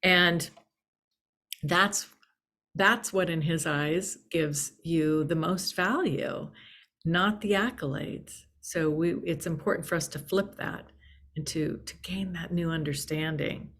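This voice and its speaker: Lady doing a gentle uplifting spiritual message, kinda low voice, repeats stuff so it lands. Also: slow pace. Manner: earnest, soothing, repeats key phrases. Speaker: spiritual channel host. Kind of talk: inspirational spiritual talk.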